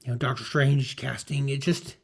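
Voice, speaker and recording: A man's voice: mid-range voice, fairly even intonation, normal speed, creaky, husky. A man casually reading through an old comic, summarizing panels and praising the art with many fillers. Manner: rambling, full of fillers. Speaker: comic book reviewer.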